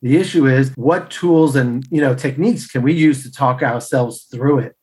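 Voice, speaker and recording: A middle-aged man, a podcast guest, telling personal stories in an animated way and acting out the dialogue. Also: mid-range voice, normal speed. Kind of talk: storytelling interview answers.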